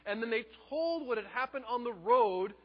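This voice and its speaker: A man preaching a sermon, telling the story in a lively way and acting out the quotes. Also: very high voice, moderate pace, big-room sound, lo-fi sound. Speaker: pastor.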